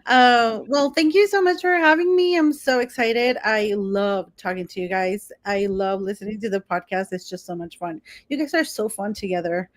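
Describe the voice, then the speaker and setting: Gushy emotional lady guest on a podcast, talks fast in bursts, dry sound. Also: medium pitch, no echo. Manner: effusive, emotional, quick asides. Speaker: guest, branding expert. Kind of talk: casual interview chat.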